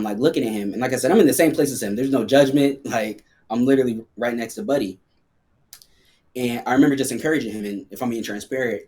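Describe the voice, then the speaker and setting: A man's voice: fairly low pitch, darkish tone. A man guesting on a podcast, telling a personal story in a casual, slangy way full of fillers.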